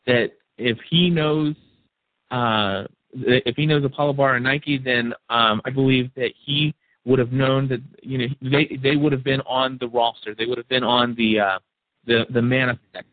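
A man's voice: mid-range voice, fairly even intonation, moderate pace, dry recording. A man hosting a call-in discussion, rambling and repeating words as he thinks. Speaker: call-in show host. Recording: tinny phone-like line.

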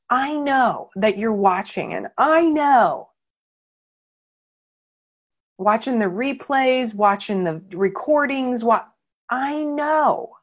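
A woman's voice: on the high side, slightly rough. A woman coaching her clients in a candid training talk, emphatic and blunt, and she swears freely. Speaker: marketing coach.

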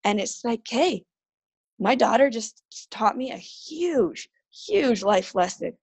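A woman in her thirties speaks as a podcast guest. She talks earnestly and with animation, slipping into lively voices when she quotes others. The sound is dry and close. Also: fairly high pitch, takes it slowly, husky, dry recording. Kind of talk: casual interview talk.

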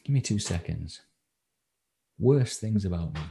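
Deep husky English man, hesitant. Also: animated, unhurried, warm tone. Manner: hesitant, lots of ums and restarts. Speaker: confidence coach guest. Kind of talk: casual podcast interview.

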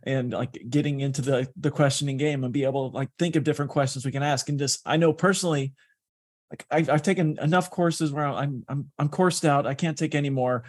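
A man's voice: medium pitch, a little mellow. A man hosting a podcast interview, reflecting aloud in a loose way, with fillers. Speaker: podcast host.

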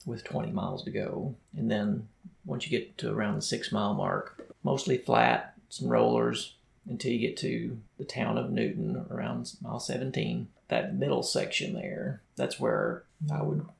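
Gravelly-voiced man in a roomy space. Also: lowish voice, expressive, moderate pace. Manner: storytelling, playful. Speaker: podcast co-host. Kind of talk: casual chat.

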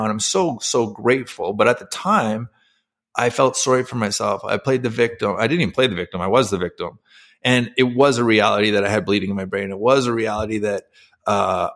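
A man's voice: medium pitch, fairly bright tone. A middle-aged man, a former pro athlete and podcast guest, telling his personal story candidly and emotionally, with many fillers and restarts.

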